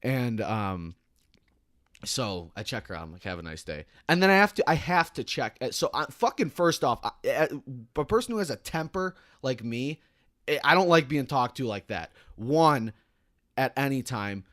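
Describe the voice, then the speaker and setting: A man's voice: medium pitch, big pitch swings, moderate pace, fairly bright tone, no echo, studio quality. A young man, telling a heated, profane work story as a podcast co-host. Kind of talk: casual podcast chat.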